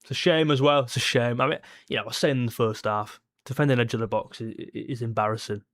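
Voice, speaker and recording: A man hosting a live football watchalong, reacting to the match with excitable, blunt comments and swearing at the players. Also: mid-range voice, fast. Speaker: fan watchalong host.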